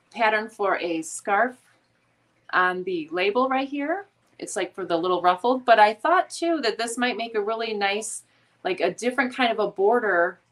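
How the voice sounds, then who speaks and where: A woman with a nasal Chicago accent hosting a casual live chat, chatty and full of ums. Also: mid-range voice. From Chicago area, USA. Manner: chatty, reads comments aloud, many ums. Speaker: livestream host.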